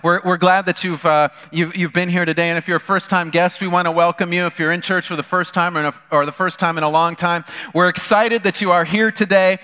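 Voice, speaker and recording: A man's voice: high-pitched, pushed and bright. A man preaching a sermon as pastor, conversational and jokey, with fillers and restarts. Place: church sanctuary. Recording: echoey large church hall.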